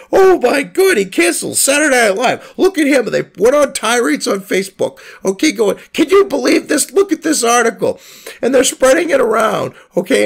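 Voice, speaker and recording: A man's voice: high voice, gravelly. A man hosting a commentary channel, reading a news article aloud and breaking into profane, scornful rants about it. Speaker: host.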